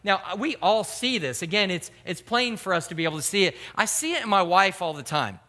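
A man's voice: high voice, lively intonation, brisk, sharp tone. A middle-aged man, a pastor, giving an earnest, emphatic sermon.

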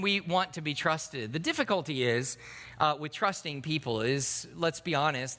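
A middle-aged man preaching, his voice high and bright as he carries a story with acted-out voices and wry humor. His words ring through a church with a long reverb tail. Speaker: pastor. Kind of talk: sermon. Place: church sanctuary.

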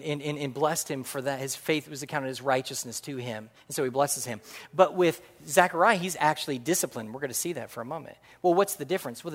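A man preaching a sermon as pastor, animated and jokey, swinging from loud punchlines to quiet earnest points. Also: a little high. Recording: long hall reverb.

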